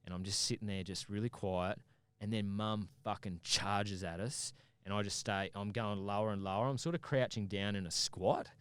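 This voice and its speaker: A man tells a story in a casual, animated way, swearing freely as he goes. His voice sits low and comes across smooth and resonant. The recording is dry and close. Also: moderate pace, dry recording. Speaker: podcast guest.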